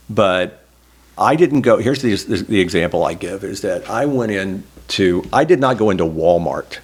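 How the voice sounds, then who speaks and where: A man's voice: low-pitched, slightly rough. A middle-aged man from Oklahoma, a former state senator, telling earnest, self-deprecating stories in an oral history interview. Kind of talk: reflective oral history storytelling.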